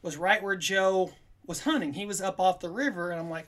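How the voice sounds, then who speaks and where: A man's voice: high voice, brisk. Rambling man spinning a hunting yarn. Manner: rambling, animated, quotes himself in little voices. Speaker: guest telling a hunting story. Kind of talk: casual podcast storytelling.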